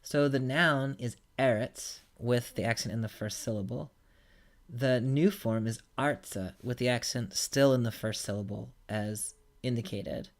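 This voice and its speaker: A man delivers a recorded grammar lesson in an unhurried teaching voice. His pitch sits in an ordinary middle range, and he moves patiently from one example to the next. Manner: patient, explanatory, stepping through examples. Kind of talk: recorded lecture.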